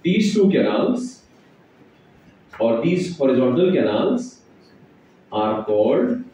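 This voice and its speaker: A male biology teacher with an Indian accent lectures a class in a large echoey classroom, quizzing students and mixing English, Hindi and Marathi. His medium-pitched, warm voice swings widely in pitch at a slow pace, sounding distant from the mic in the echoey room.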